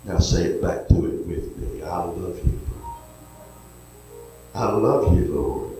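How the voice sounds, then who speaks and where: A preacher with a drawl gives a sermon in a low, animated voice at a measured pace. He spins folksy stories before moving into gentle pleading. His words ring through a large, echoey hall over a faint background hum.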